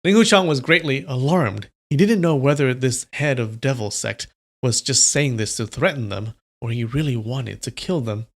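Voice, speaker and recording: A man with a gravelly, mid-pitched voice reads a novel aloud on a livestream. Between passages he drops into casual, chatty asides to his viewers. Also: animated, moderate pace. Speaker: livestream storyteller.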